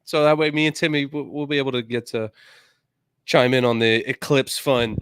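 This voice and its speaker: A man with an American accent hosting a casual sports podcast, loud and joking, swearing freely. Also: medium pitch, fairly even intonation, normal speed, clear, resonant tone, no echo. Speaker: podcast host.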